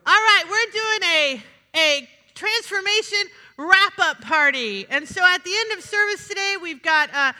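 A woman pastor delivers a sermon with a very high, bright, ringing voice. She preaches in a lively, chatty way and keeps turning aside to talk with her congregation. The sound carries a long reverb from the church sanctuary. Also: measured pace.

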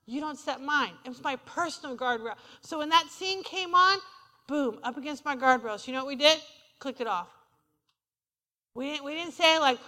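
A woman's voice: sits high, moderate pace, sharp tone. A woman preaching a sermon in a conversational, humorous way, calling out to the congregation for responses. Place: church sanctuary. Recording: reverberant hall.

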